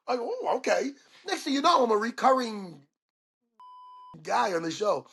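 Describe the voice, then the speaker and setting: Guy on a podcast, gravelly raspy voice, bounces all over, swears a lot, acts out the quotes. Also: extremely high pitch, moderate pace, faint music behind. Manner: profane, excitable, acts out quotes. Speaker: podcast guest. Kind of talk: animated storytelling chat.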